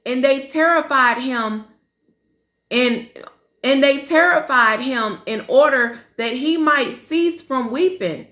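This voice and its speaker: Slow high-voiced woman reading scripture. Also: fairly bright tone, reverberant. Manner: slow reading, stumbling over names, casual asides. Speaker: Bible study reader. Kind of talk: reading scripture aloud with commentary.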